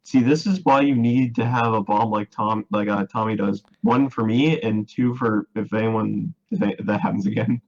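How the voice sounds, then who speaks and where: A teenage boy calls in to a stream, a little hesitant and stumbling over his words. His voice sits low, and the call audio sounds dull and lo-fi. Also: fairly even intonation, normal speed, hardly any pauses. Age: teens. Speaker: caller.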